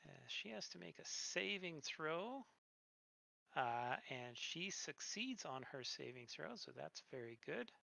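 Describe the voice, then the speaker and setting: A man running a tabletop game as game master, narrating monster attacks in a relaxed way with filler words. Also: a little high, a little slow, creaky, no room sound.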